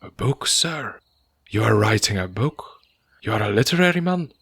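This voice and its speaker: A man voicing a soft, deferential middle-aged landlord who talks in a timid, apologetic way. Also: low voice, expressive, a little slow, gravelly, dry recording, full character voice. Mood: awed. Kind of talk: audiobook character voice.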